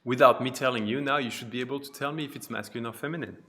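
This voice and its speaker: A man teaching a pronunciation lesson, repeating each phrase slowly and carefully, with chatty teaching asides. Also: medium pitch, bright, forceful tone. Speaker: French teacher.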